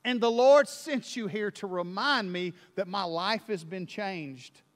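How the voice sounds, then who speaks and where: A man voicing a rough young man from the street, low and subdued in his speech. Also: measured pace, big-room sound. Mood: earnest.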